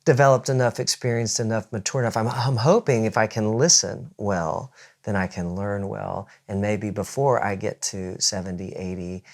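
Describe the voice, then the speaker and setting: A man's voice: on the low side, steady tone, normal speed. A man co-hosting a dinner conversation, thinking aloud in an earnest, thoughtful way. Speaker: co-host.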